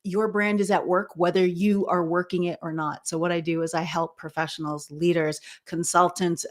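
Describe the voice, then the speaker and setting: A woman from Canada with a Canadian accent, a podcast guest introducing her branding work in an enthusiastic, polished way. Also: on the low side. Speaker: guest, personal branding strategist. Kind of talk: podcast interview.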